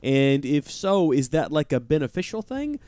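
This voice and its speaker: A man's voice: a little high, very animated, moderate pace, a little mellow, clear, resonant tone. A man chatting and joking while playing a game live, talking to his viewers. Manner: chatty, joking, reads chat aloud. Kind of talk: live let's-play commentary.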